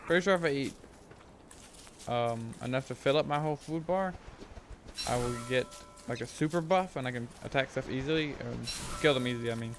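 A man casually talking through his gameplay as a streamer, rambling and thinking aloud, with sudden excited whoops. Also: medium pitch, fairly quick, noisy background. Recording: game music playing under the voice. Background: game music.

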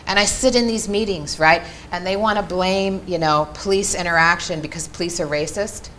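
Her pitch is fairly low and her tone fairly bright as she addresses a live meeting-room audience at normal speed, using a microphone that picks up a little hiss or hum. Earnest and emphatic, this community workshop presenter keeps asking "right?" throughout her passionate talk.

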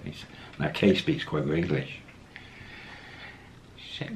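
A man's voice: deep voice, very animated, normal speed, gravelly, long pauses, a little hiss or hum. A man casually telling a travel story, acting out the quoted lines as he goes. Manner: anecdotal, acts out quoted lines, chuckles.

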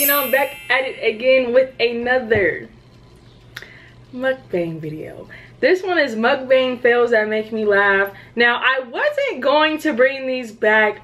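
A young woman hosting a reaction channel, chatting casually with sassy, incredulous asides. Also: a little high.

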